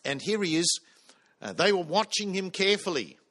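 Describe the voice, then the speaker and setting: A man's voice: high voice, big pitch swings, normal speed, fairly bright tone. A man preaching a sermon, earnest, putting questions to the congregation.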